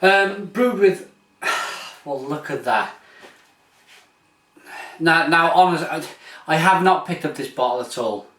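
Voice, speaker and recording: A man's voice: fairly high pitch, lively intonation, takes it slowly, long pauses, a bit bright. A British man hosting a casual beer review vlog, talking with enthusiasm, rambling and restarting his sentences often. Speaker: beer reviewer, channel host. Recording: echoey room, mic at a distance.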